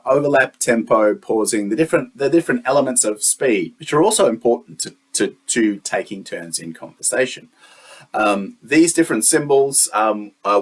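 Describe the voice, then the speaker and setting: A man teaching a lesson, explaining step by step with frequent "um" and "uh" fillers. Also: on the low side. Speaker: lecturer. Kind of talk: teaching lecture.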